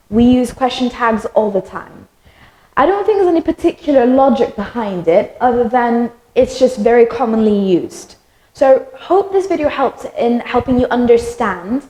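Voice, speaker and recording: A woman's voice: a little high, darkish tone. A woman teaching English grammar in a friendly, chatty way, acting out example questions with rising intonation. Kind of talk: explaining grammar to learners. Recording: echoey room.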